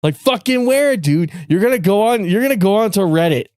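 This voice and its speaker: A young male streamer in a casual livestream rant, cursing and venting in frustration with bursts of yelling. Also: high voice, lively intonation, fairly quick, no room sound, clean studio sound. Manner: frustrated, profane ranting with bursts of yelling and laughter.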